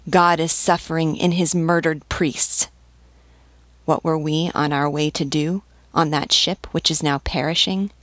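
A woman's voice: sits low, dry recording. A woman reading a stern, serene old nobleman. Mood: solemn. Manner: calm, measured, persuasive. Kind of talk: audiobook reading.

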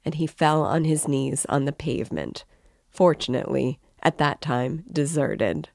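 A woman reading a classic novel aloud in a measured, clear storytelling voice. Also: extremely low pitch, darkish tone, no room sound, clean studio sound. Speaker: book club reader and guide.

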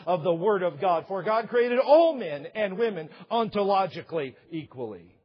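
Man, middle-aged, pastor, humorous sermon, husky, dull recording. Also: sits high, expressive, normal speed. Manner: joking, acts out couples' voices.

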